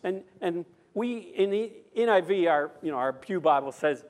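A man preaching a sermon, reading scripture deliberately and then giving an emphatic running commentary. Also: high-pitched, expressive, darkish tone. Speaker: pastor.

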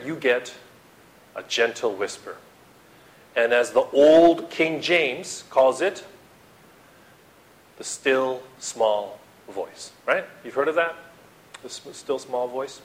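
A man preaching a sermon to his congregation, swinging from loud dramatic outbursts to hushed appeals and acting out the quotes he reads. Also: medium pitch, a little slow, low-quality recording. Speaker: pastor.

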